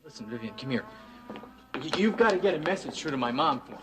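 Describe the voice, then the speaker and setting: A man's voice: medium pitch, very animated, fast talker, close to an everyday voice, low-quality recording. An actor playing a folksy young man who talks with a Texas drawl in an 1980s TV soap. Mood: urgent. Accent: Texan. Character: young man called Jeb, charming guide. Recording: soundtrack music behind.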